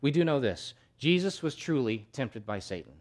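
A male pastor preaching a sermon, emphatic, asking rhetorical questions and swinging between loud and soft. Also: mid-range voice, very animated, moderate pace.

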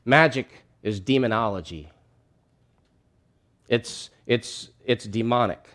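A man's voice: mid-range voice, slow, a bit bright. A man preaching a sermon in a conversational, emphatic way, often restarting his phrases.

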